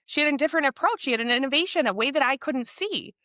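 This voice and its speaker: A woman's voice: sits high, expressive, fast, sharp tone, no echo, clean studio sound. A woman hosting a solo podcast, talking bluntly and candidly, swearing freely and telling stories. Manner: blunt, frequent swearing, storytelling; quotes others in acted voices. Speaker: podcast host.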